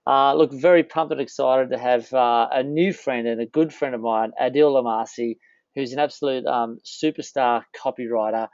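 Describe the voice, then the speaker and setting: A man's voice: medium pitch, steady tone, normal speed, darkish tone, no room sound. Australian male host, enthusiastic and chatty, dry muffled call audio. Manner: enthusiastic, many fillers, laughs often. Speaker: interview host. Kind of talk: casual interview chat.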